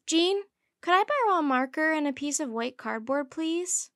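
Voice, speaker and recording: A woman voicing an eager young girl who loves animals, talking in excited, pleading bursts. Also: high voice, moderate pace, dry recording, studio quality, voice pushed up.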